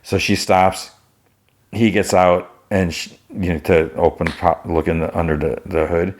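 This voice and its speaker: A man's voice: low-pitched, little pitch movement, a little slow, darkish tone. A man hosting a podcast, casually recapping a show in a rambling way. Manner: rambling, with many restarts and "he's like". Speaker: podcast host.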